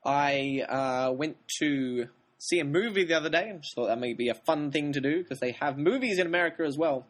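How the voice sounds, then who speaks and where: A man's voice: a little high, fairly quick. A man co-hosting a film podcast, chatting casually with dry teasing humor. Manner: dry teasing, laughs often. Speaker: podcast co-host. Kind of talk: casual chat.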